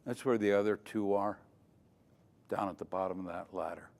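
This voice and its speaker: A man's voice: on the low side, fairly even intonation, normal speed, creaky, a little mellow. An older man giving a dramatic safety lecture at a conference, quizzing the audience as he goes. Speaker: safety trainer. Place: conference hall. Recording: long hall reverb.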